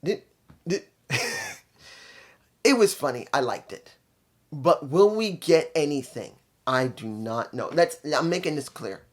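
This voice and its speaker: A man's voice: on the high side, huge pitch swings, slow. A man giving a casual spoken review, blunt and opinionated, rambling from point to point. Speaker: wrestling show reviewer.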